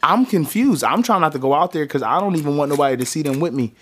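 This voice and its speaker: A man's voice: fairly high pitch, lively intonation, quick pace, fairly bright tone. A man hosting a podcast in a small studio, talking in a loose, rambling, joking way. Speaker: podcast host. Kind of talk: casual chat.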